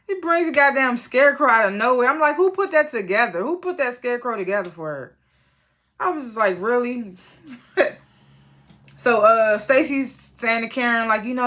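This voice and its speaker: Chatty woman recapping a reality show. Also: medium pitch. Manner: chatty, animated retelling with laughs and quoted reactions. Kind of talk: casual episode recap.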